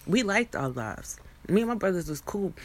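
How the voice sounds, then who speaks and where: A woman's voice: on the low side, sing-song, normal speed. A young woman in a rambling, profane monologue, preaching at her viewers with many restarts and asides. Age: young adult.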